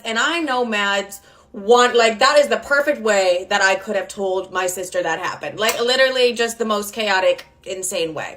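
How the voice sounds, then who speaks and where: A woman's voice: on the high side, a bit bright. A woman in her twenties telling a profane, chatty story about her family, full of quoted dialogue. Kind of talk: casual storytime.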